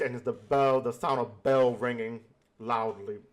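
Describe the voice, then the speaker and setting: A man narrating a tabletop game as game master in slow, halting sentences. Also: medium pitch, level tone.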